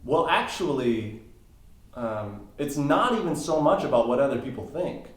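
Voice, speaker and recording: A man's voice: mid-range voice, lively intonation, normal speed. A man talking as a guest on a podcast, a coach explaining ideas step by step with emphatic rises. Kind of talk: casual interview talk. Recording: roomy echo.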